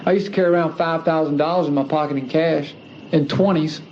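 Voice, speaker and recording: A man's voice: fairly high pitch, steady tone, quick pace. A man giving an earnest personal religious testimony, emphatic and repeating key phrases for stress. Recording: dull lo-fi archive recording with faint hiss.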